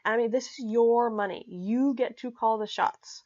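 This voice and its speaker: A woman explaining personal finance in a casual, energetic way, often checking in with "okay?" and speaking bluntly and emphatically. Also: on the high side, measured pace, muffled recording. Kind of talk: casual explanatory talk to camera.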